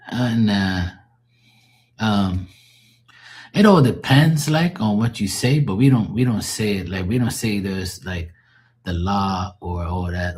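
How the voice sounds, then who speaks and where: A man's voice: deep voice, darkish tone. A man doing casual chat with his live viewers as a tarot reader, rambling and loose, swearing and laughing often.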